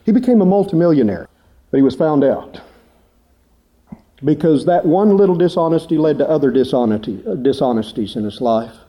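Mellow-voiced preacher man, animated storytelling. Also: fairly quick. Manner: animated storytelling, rising pitch for emphasis. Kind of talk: sermon with storytelling.

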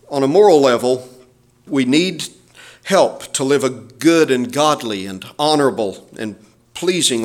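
A male pastor preaching a sermon, with emphatic, measured phrasing and quoted scripture. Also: mid-range voice.

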